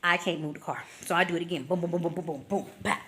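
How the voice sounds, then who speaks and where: A woman vlogger casually telling a story, slangy and expressive, acting out scenes with sound effects and little voices. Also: on the low side, fast talker. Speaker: travel vlogger.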